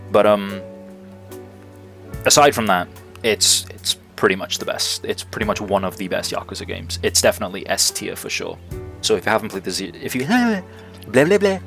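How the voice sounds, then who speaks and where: A man's voice: on the low side, a bit bright. Casual young man chatting on stream. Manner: rambling, enthusiastic, swears freely. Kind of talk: casual livestream chat answering viewers.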